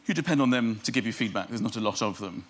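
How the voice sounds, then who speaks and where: A man's voice: lowish voice, animated, fast talker. A middle-aged man, a comedian guest, telling stories on a chat show and acting out little scenes in silly voices. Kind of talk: animated chat-show storytelling. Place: TV studio with live audience. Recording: loud studio audience laughter and noise.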